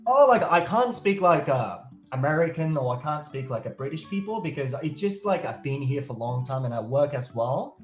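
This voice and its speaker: A man's voice: on the high side, sing-song, brisk, few pauses, reverberant, faint music behind. A man whose first language is Japanese, with a Japanese accent blended with Australian, hosting a casual video-call chat and searching earnestly for words. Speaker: host.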